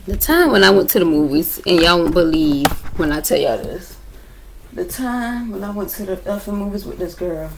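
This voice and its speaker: A woman's voice: fairly low pitch, animated, normal speed, gravelly, a little hiss or hum. A young woman telling a rambling story to her viewers in a casual chat, repeating herself and talking straight to them, recorded on a laptop at home. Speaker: vlogger telling stories.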